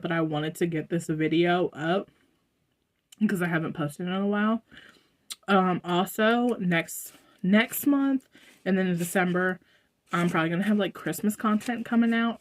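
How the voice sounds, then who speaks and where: A young American woman, a vlogger chatting casually to her viewers, rambling with fillers and asides. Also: lowish voice. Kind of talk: casual haul vlog. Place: indoors at home.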